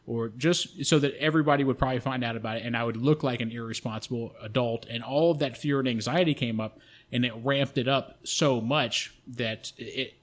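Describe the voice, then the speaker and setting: A man co-hosting a podcast, telling a story in a casual, profane and animated way. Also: medium pitch. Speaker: podcast co-host.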